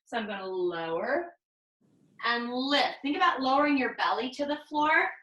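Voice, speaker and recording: A woman leading a pilates class over a video call, giving calm step-by-step cues and counting reps. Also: high voice, normal speed, reverberant, dull audio. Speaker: pilates instructor. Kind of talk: guided exercise class cues.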